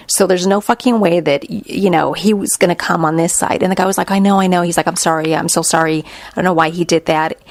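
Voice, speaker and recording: A middle-aged woman hosting a podcast, telling a story in a blunt, profane, animated way. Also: fairly low pitch, vocal fry, no echo. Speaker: podcast host. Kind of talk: casual storytelling monologue.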